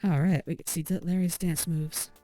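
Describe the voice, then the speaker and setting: A woman's voice: fairly low pitch, fairly even intonation, normal speed, mellow, no room sound. A woman giving casual commentary over a video game, reading out game text with wry, amused asides. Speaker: let's play host. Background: faint game music.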